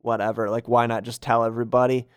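Man, podcast co-host, smooth voice, dry sound, hesitant ums, wry. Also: mid-range voice, little pitch movement, fast, no room sound. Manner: explains plot, lots of ums, wry. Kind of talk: casual chat recapping a game.

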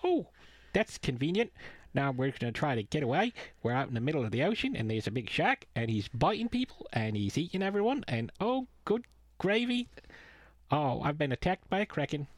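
Man doing a New Zealand-accented sidekick, flat, over-explaining, fairly high voice, dry sound. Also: brisk, no room sound. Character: gruff male sidekick doing clumsy exposition.

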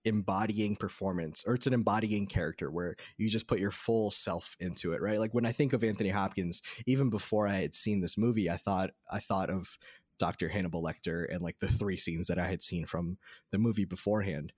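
A man with a lowish voice chatting casually about a film on a podcast. He rambles with many fillers and restarts. His voice sounds close and dry. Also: a little fast, darkish tone, dry recording. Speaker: podcast co-host.

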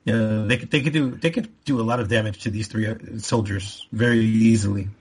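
A man's voice: on the low side, steady tone, a little fast, slightly rough. A man co-hosting a podcast, rambling a little with frequent restarts. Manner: rambling, many restarts and laughs. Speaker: podcast co-host. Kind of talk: casual podcast chat.

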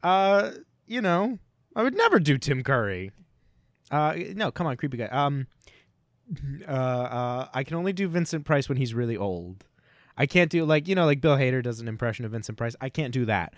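A man's voice: mid-range voice, big pitch swings, dry recording, clean studio sound. A young man co-hosting a comedy podcast, joking and teasing in casual chat. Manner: jokey, teasing, quick with impressions. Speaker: podcast co-host.

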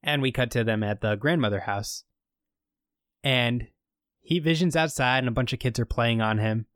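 A man's voice: mid-range voice, moderate pace, a bit bright, dry recording, studio quality. Rambling man recapping a show. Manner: rambling storytelling with many fillers. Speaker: podcast co-host recapping a show. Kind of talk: casual chat recap.

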